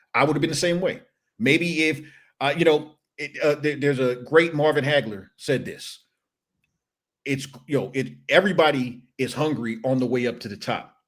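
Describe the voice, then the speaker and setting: A man's voice: mid-range voice, a bit bright. A man guest on a sports podcast, talking emphatically in casual chat with frequent restarts and asides.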